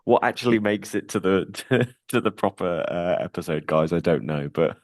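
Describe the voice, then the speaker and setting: A man's voice: sits low, animated, moderate pace, no echo, clean studio sound. A man co-hosting a hobby podcast, wrapping up the episode in casual, upbeat chat. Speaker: podcast co-host.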